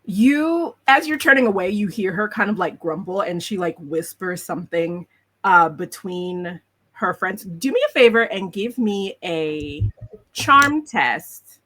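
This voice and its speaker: A woman's voice: medium pitch, a little slow. A woman running a live tabletop role-play game as game master, telling the scene with lots of fillers. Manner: lively storytelling with many fillers.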